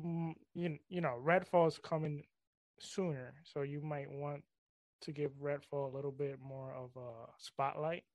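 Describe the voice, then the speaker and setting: A man's voice: a little high, dry recording. A man in a casual podcast chat who thinks aloud, hesitating and restarting as he talks. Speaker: podcast co-host.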